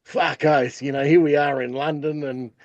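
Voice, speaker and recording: A man's voice: a little high, level tone, fairly quick, a little mellow, no room sound, muffled recording. A man with an Australian accent chatting casually as a podcast co-host, rambling with lots of fillers. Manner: rambling, full of "you know" fillers. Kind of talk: casual chat.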